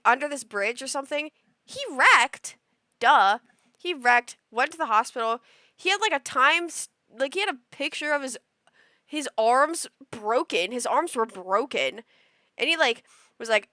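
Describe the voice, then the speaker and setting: A young woman streamer in her twenties tells a story with lively, animated delivery and acts out every quote. Her voice is bright and a little high, and it sits dry and close to the mic. She breaks into sudden loud outbursts. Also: no echo. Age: 20s. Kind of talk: casual storytelling chat.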